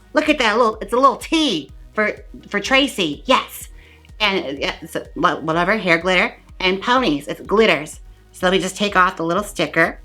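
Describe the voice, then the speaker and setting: A woman's voice: medium pitch, bright, forceful tone. A woman hosting a comedic makeup review vlog in a playful, mock-dramatic, gushing way. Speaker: beauty vlogger.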